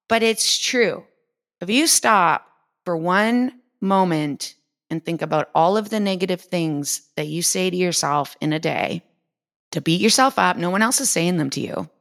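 Woman, fifties, lowish voice, fitness coach host; frank, animated, a bit profane, acts out her inner voice. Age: 50s. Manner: candid, animated, swears freely and acts out her own inner voice. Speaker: fitness trainer and podcast host. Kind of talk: casual motivational monologue.

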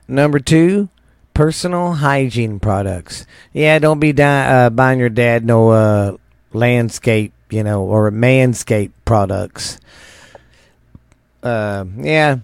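A middle-aged man hosting a show, rambling through a countdown with crude, jokey asides. His voice is gravelly and sits in the middle range, recorded dry and close on a studio microphone. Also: mid-range voice, darkish tone, dry recording. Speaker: show host. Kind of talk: casual countdown commentary.

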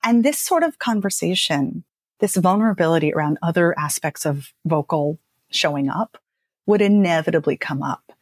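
A woman who works as a speech and dialect coach, talking about her path in a chatty, animated podcast interview and laughing often. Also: on the low side, breathy edge, no echo, studio quality.

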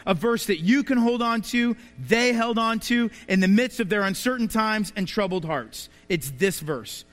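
A man's voice: sits high, expressive, normal speed, a bit bright, faint music behind. A man preaching a sermon as a pastor, telling stories and asking the congregation rhetorical questions. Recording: reverberant hall.

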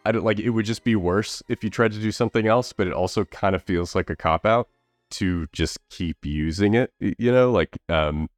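A man's voice: lowish voice, normal speed, no room sound, faint music behind. A man co-hosting a podcast, chatting casually about films with lots of fillers and restarts. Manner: rambling, many fillers and restarts. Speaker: podcast co-host reviewing movies. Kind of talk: casual movie review chat.

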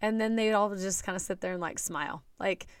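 Woman coach talking right to her viewers, earnest and chatty, middle pitch, dry close sound. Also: a little fast, clear, resonant tone, dry recording. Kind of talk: motivational talk to camera.

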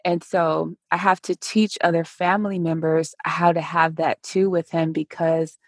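Low, gravelly woman hosting a chat. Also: normal speed, dry recording, clean studio sound. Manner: animated, acts out quoted dialogue. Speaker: podcast host. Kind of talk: casual conversational interview. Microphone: remote call recording.

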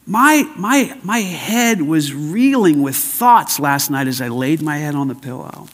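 An older man preaching a sermon as pastor, emphatic, swinging between loud and hushed. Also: fairly high pitch, lively intonation, a little slow. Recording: long hall reverb.

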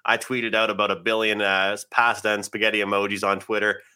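A man with a fairly low but bright, forceful voice co-hosts a sports betting podcast. His talk is chatty, filled with "you know" and quick restarts. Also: flat delivery, clear, resonant tone. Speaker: podcast co-host.

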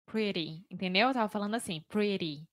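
Brazilian-accented woman learner, native Portuguese, mid-pitch, chatty, dry close mic. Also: fairly even intonation, moderate pace, a bit bright, no room sound. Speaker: student. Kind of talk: casual pronunciation practice.

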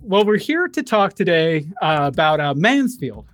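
A man hosting a casual interview, relaxed and supportive, often laughing along and adding short agreements. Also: a little high, moderate pace, no room sound. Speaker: host.

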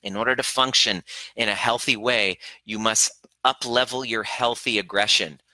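Blunt, bright-voiced male coach. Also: fairly low pitch, fairly even intonation, normal speed, no room sound, low-quality recording. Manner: blunt, swears freely, acts out inner voices. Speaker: relationship coach. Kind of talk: live online workshop teaching.

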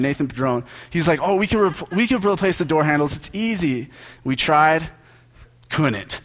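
A man's voice: on the high side, fairly bright tone. A young man giving a casual, joking sermon as a preacher, talking to the congregation like friends. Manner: conversational and joking, with quick asides.

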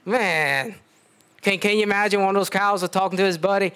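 Folksy South Louisiana preacher. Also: male voice, high voice, steady tone, pushed and bright, clear, resonant tone. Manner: folksy storytelling, halting with restarts. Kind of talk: sermon.

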